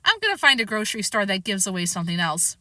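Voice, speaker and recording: A woman's voice: mid-range voice, sing-song, fast, sharp tone, dry recording. A woman voicing a stern but loving mother who scolds her young son firmly in a read-aloud storybook. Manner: firm, scolding.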